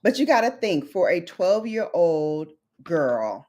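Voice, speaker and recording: A woman's voice: on the low side, big pitch swings, slow, a little mellow. A woman from Brooklyn, a beauty vlogger chatting casually with her viewers, heartfelt and nostalgic, calling them babes and honey. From Brooklyn, New York. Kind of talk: casual livestream chat with viewers.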